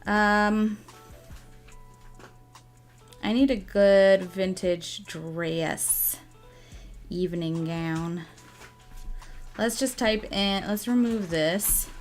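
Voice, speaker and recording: A young woman chatting casually while she draws on a livestream, musing softly and now and then gushing thanks to viewers. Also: mid-range voice, faint music behind. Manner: soft, musing and slow, bursting into excited gushing thanks. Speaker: artist streaming a drawing session.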